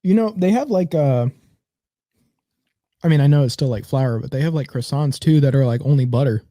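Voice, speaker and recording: Mellow, dark-toned male podcast co-host. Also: mid-range voice, normal speed, dry recording, studio quality. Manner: teasing, loose with "like" fillers. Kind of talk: casual chat.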